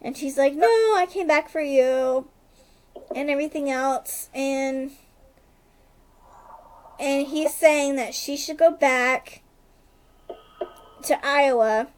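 A woman casually recapping a TV episode for a co-host, rambling along with lots of "like" and quick asides. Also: high-pitched, fairly even intonation, slight background noise. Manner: rambling retelling, heavy use of "like", quick asides. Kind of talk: casual chat.

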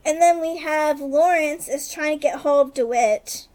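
A woman with a high, bright-sitting voice chats casually as a podcast co-host. She tells the story in a loose, rambling way, stringing events together with "like" and quick asides. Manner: rambling retelling, heavy use of "like", quick asides. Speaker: podcast co-host recapping a TV episode. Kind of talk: casual chat.

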